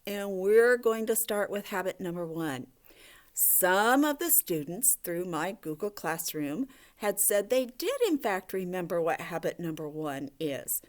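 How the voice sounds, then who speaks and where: A woman teacher giving a gentle, coaxing video lesson to young children, talking to a puppet. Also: lowish voice, expressive, measured pace. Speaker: elementary school teacher.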